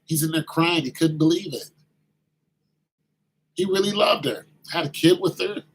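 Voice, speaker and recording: A man telling a story in a casual monologue, animated and slangy, acting out the quoted voices. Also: fairly high pitch, normal speed, slight background noise, poor audio.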